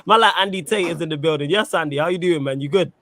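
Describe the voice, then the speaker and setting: Fast-talking man hosting a stream. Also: a little high, background noise. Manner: quick, chatty, laughs often. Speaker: host. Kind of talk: casual live-stream chat.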